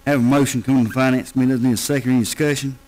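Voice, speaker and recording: A man chairing a county council meeting, calling motions and votes in a brisk procedural way. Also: medium pitch, fairly even intonation, darkish tone, low-quality recording.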